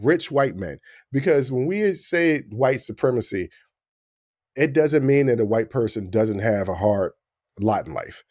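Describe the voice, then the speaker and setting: A man in his forties from the United States co-hosting a podcast, talking in an animated, joking way and jumping between points. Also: mid-range voice, measured pace, dry recording, clean studio sound. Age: 40s. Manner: animated, jokey, talks over his co-host. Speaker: podcast co-host. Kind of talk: casual chat.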